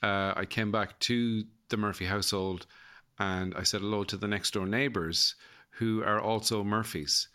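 Irish male comic host, 30s, loose self-deprecating chat, low voice with a bright edge. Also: fairly even intonation, normal speed, clean tone. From Ireland. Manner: rambling, self-mocking, laughs at his own jokes. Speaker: comedian and podcast host. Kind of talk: casual comedic chat.

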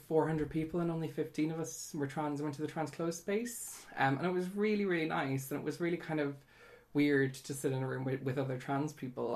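A woman's voice: very deep voice, a little mellow. A young woman in her twenties with an Irish accent, talking candidly and chattily as an interview guest, with many fillers. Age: 20s. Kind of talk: casual interview.

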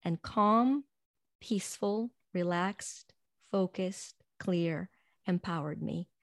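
A woman guest gives an earnest, reflective motivational talk, laughing lightly between points and going soft and slow when guiding breathing. Her fairly low voice is recorded at studio quality, with no room sound.

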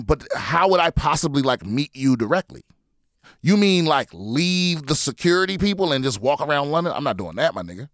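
A man's voice: a little high, a bit bright, clear, resonant tone, dry recording, clean studio sound. A man hosting a comedy podcast, chatting casually and answering listener questions in a blunt, profane way, stumbling over his words and restarting often.

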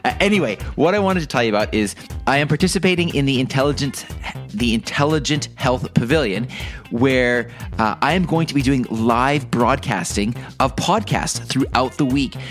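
A man hosts a short daily audio briefing in a casual, upbeat way. He stumbles and restarts now and then and uses plenty of fillers. His voice sits at a middle pitch, with faint music under it. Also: normal speed. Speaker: podcast host. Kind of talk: daily flash briefing monologue.

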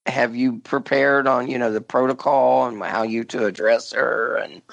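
A man's voice: medium pitch, fairly even intonation, moderate pace, creaky, fairly bright tone, no room sound, lo-fi sound. A man hosting a comedy podcast, asking questions in a mock-earnest way and egging the others on. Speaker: podcast host.

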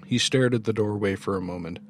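A man with a fairly low voice narrates a horror story in a measured, dramatic style. He hosts the podcast and reads steadily with deliberate pacing. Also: background noise.

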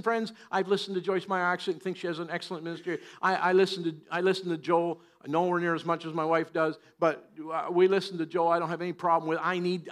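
A man preaching a sermon in church, joking and chatty at times and then rising to loud, emphatic preaching. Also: on the high side. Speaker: pastor.

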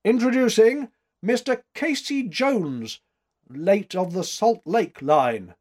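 A showy man bellows a grand, theatrical introduction, as a man reading a storybook puts him on. The delivery rises and falls dramatically with a husky edge. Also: high-pitched, expressive, slow, darkish tone, pitched above the performer's own voice, full character voice. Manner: proclaiming, theatrical. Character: loud, showy man playing party announcer.

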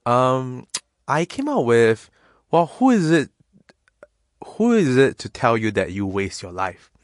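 Woman host, really deep voice, curious, dry close mic. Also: very animated, takes it slowly, no echo. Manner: curious, questioning, laughs along. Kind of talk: casual chat.

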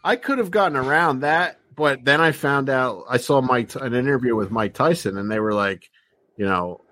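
A male podcast co-host who talks in a relaxed, halting way, often pausing on fillers. His voice sits at an ordinary pitch and sounds dry and close on the mic. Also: dry recording. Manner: laid-back, hesitant, many fillers. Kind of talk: casual podcast banter.

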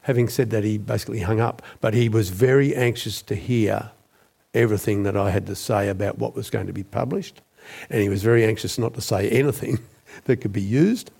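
A man, a former journalist, recounting a story as a guest in a measured, deliberate way. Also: lowish voice, vocal fry, darkish tone, breathy edge. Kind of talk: storytelling interview.

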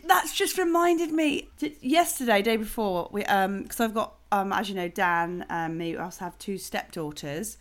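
A woman's voice: mid-range voice, normal speed, hardly any pauses. A sleep-deprived woman co-hosting a podcast, chatting in a rambling, giggly way. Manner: rambling, giggly, loses her thread. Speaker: podcast co-host. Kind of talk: casual chat.

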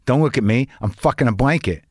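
A man's voice: medium pitch, expressive, a little fast, no echo, studio quality, lightly acted. A man voicing his defiant, foul-mouthed male house cat in a snarling, profane tone.

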